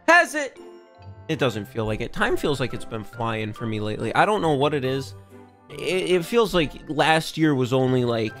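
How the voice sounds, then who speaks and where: A man's voice: a little high, fairly bright tone. A young man giving goofy, rambling let's-play commentary from his home office, often stumbling over his words. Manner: goofy, rambling, self-aware jokes, frequent stammered restarts. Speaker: gaming YouTuber.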